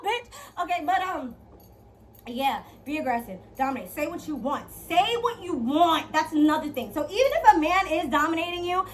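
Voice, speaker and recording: A young woman vlogger giving dating advice in a brash, profane, playful monologue, swinging from loud to hushed. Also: high voice, animated, a little fast, a little hiss or hum. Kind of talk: casual storytelling monologue.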